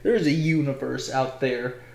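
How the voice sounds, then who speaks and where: A man's voice: mid-range voice, measured pace, gravelly, a little mellow. A young man co-hosting a podcast in casual chat, teasing and laughing often. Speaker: podcast co-host. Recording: echoey room.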